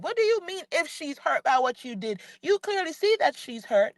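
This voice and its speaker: A woman's voice: on the high side, expressive, moderate pace, few pauses, no echo. A woman giving opinionated commentary on a vlog, ranting and speaking straight to the person she criticizes, repeating her points for emphasis. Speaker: reality TV commentator.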